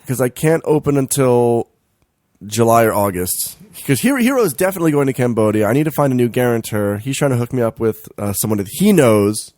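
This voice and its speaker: A man co-hosting a podcast, telling a story in casual chat, animated and profane, quoting the people in it. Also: medium pitch, no echo. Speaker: podcast co-host.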